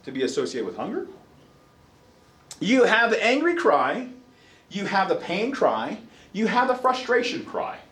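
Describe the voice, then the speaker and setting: A male college lecturer with a fairly high voice, telling anecdotes and quizzing students in a swooping, highly expressive delivery. He acts out his own reactions as he goes. The classroom gives his voice a roomy echo. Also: a little slow, long pauses, distant mic. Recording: echoey classroom.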